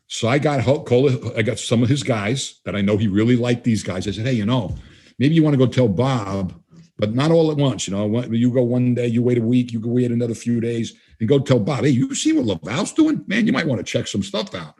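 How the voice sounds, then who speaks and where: Mellow, husky older man telling stories. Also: medium pitch, brisk. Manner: conversational, acts out quoted dialogue. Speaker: guest trainer. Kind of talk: casual storytelling interview.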